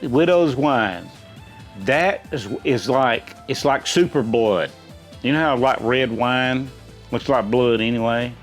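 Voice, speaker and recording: Slow and mid-range in pitch, this middle-aged dad of a gamer hosts a relaxed trivia conversation, giving folksy, meandering answers to questions. Soft music plays in the background.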